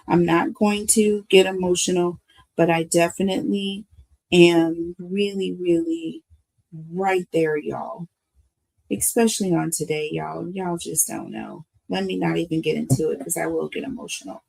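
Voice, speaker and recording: A woman's voice: on the low side, steady tone, measured pace, vocal fry, darkish tone, rough recording. An older woman, a grandmother, giving a live tarot reading to her viewers in an emotional, preachy way and calling them y'all. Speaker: tarot reader.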